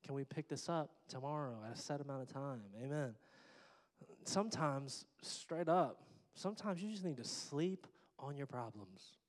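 A middle-aged pastor preaches a sermon in a church sanctuary, his mid-range voice animated and his speed normal. He keeps it conversational, tossing joking asides to the congregation, and a long hall reverb trails his words.

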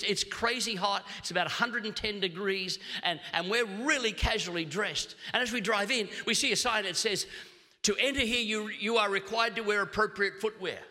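Australian male pastor, middle-aged, high and brilliant tone, animated storyteller. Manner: animated humorous storytelling with quick restarts. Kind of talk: sermon. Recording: long hall reverb.

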